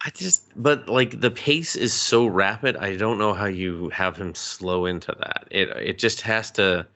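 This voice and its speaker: Gravel-voiced man retelling a movie. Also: fairly low pitch, a little slow. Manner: animated retelling, acts out characters in quotes. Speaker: podcast co-host. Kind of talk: casual movie review chat. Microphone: podcast microphone.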